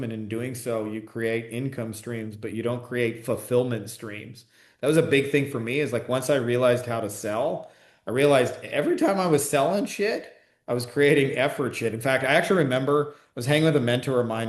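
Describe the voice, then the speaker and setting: A man talks loosely on a livestream, full of swearing and "like" fillers as he answers comments. His voice sits at an ordinary pitch. The room around him is roomy and echoey. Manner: casual, profane, full of "like" fillers. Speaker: online business coach. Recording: roomy echo.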